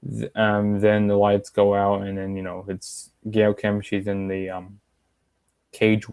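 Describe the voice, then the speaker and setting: A man's voice: on the low side, completely flat delivery, a little slow, darkish tone, clean tone, dry recording. A young man casually reviewing a wrestling show, rambling with many fillers and retelling lines in a slightly raised voice.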